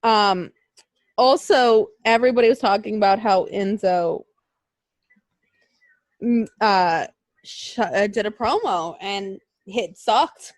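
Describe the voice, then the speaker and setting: A woman's voice: mid-range voice, slow, pauses often, dry recording. A woman co-hosting a podcast, chatting casually and telling stories with lots of fillers. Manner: animated storytelling, acts out voices, frequent fillers. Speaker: podcast co-host. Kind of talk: casual chat recapping wrestling.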